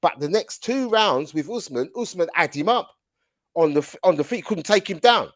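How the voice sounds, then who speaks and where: A young man co-hosting a casual podcast, his voice a touch high and swinging widely up and down. He talks in animated bursts, cutting in and repeating himself to get a word in. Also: moderate pace. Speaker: podcast co-host. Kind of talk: casual banter.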